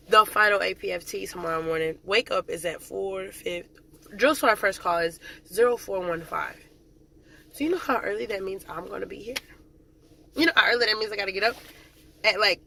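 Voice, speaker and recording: A woman's voice: mid-range voice, sharp tone. A woman drill sergeant chatting casually in a vlog, dramatic and full of fillers.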